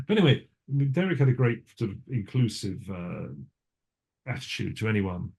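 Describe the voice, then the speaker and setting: A man's voice: fairly low pitch, sing-song, moderate pace, creaky, a little mellow, slightly rough. An older man, a cinematographer, telling stories in a casual interview, rambling and restarting himself often. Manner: rambling, self-interrupting storyteller; frequent restarts and asides.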